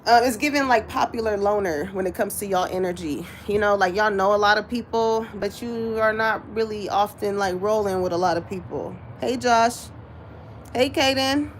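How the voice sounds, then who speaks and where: A woman's voice: medium pitch, normal speed, slight background noise. A woman giving a casual, chatty spiritual reading to her viewers, laughing often and swearing freely. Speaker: spiritual reader.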